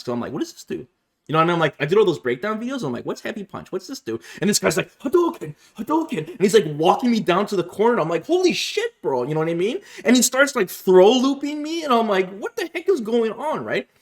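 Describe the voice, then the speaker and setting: A young man hosting a gaming video, telling stories casually and animatedly, often laughing and acting out other people's lines in high voices. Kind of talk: casual storytelling to camera.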